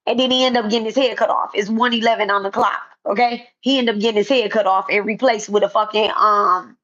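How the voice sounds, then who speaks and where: A woman's voice: mid-range voice, fairly even intonation, fast talker, fairly bright tone. A woman calling someone out in a casual vlog, blunt and repetitive, swearing freely. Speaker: spiritual content creator. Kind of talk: direct-to-camera callout vlog. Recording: dull lo-fi sound.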